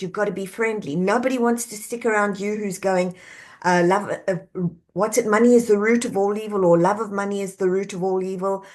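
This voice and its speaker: Lively woman coach telling stories. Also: mid-range voice. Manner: animated storyteller, acts out quoted voices, laughs easily. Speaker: executive coach and author, guest. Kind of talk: conversational podcast interview.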